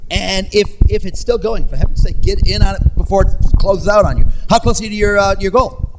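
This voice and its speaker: A high-pitched man hosts a live podcast from a convention floor, chatting upbeat with quick asides and restarts. Faint noise hums under the recording. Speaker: podcast host. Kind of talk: casual convention interview.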